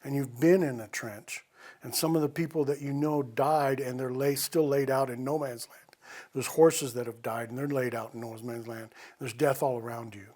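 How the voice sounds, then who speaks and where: A man's voice: medium pitch, fairly even intonation, moderate pace, darkish tone. A man telling holiday stories and reading poetry aloud, reflective and rambling, with restarts. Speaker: storyteller. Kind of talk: live storytelling and poetry reading.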